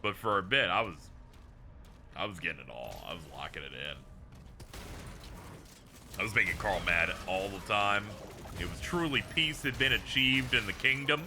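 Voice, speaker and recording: A man's voice: moderate pace, long pauses, background noise. A man streaming a game, chatting casually with viewers, laughing and swearing as he talks. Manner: animated, swings between squeaky highs and low mutters. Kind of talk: casual gaming stream chat.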